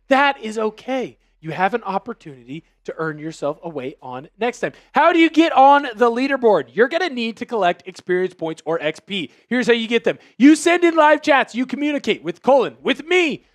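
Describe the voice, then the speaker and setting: A high-pitched man hosts a live football stream, chatting with viewers and his co-host. He is jokey and energetic, and he shouts when his team scores. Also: no room sound, clean studio sound. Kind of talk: excited live game commentary and chat. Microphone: headphones with mic.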